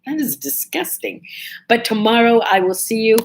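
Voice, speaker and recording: A woman hosting a casual morning vlog, telling a personal story in a chatty, animated way and feeling a bit under the weather. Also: on the high side, moderate pace, slight background noise. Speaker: vlog host.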